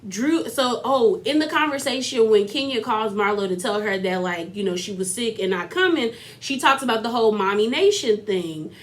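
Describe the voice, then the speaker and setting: A woman vlogger giving a casual, chatty recap of a reality show, full of fillers and laughter. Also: on the high side.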